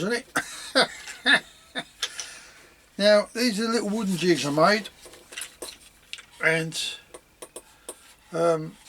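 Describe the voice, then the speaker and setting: A man's voice: fairly high pitch, a bit bright, slight background noise. A man rambling casually about his leatherwork in a home vlog, chuckling at himself as he goes. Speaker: leatherworking hobbyist.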